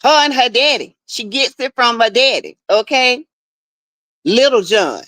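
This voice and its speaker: A chatty woman hosts a live stream, greeting viewers one by one and swapping gossip. Her voice sits fairly high and swings up and down with a lot of life. She takes her time, in a dry, close room. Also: animated, unhurried, a bit bright, dry recording. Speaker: livestream host. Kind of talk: casual live chat with viewers. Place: home backyard shed.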